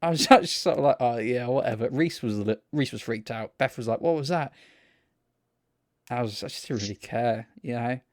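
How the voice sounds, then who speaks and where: A man's voice: mid-range voice, a little fast, hardly any pauses, dry recording, clean studio sound. Sweary young man telling a story. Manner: sweary, animated storyteller mimicking people. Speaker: podcast co-host. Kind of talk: casual storytelling chat.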